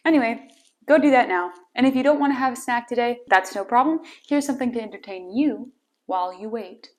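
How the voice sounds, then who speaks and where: A woman's voice: fairly high pitch, brisk. A young woman from Wisconsin hosting her own small talk show, chatty and playfully teasing. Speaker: host. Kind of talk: casual solo talk show.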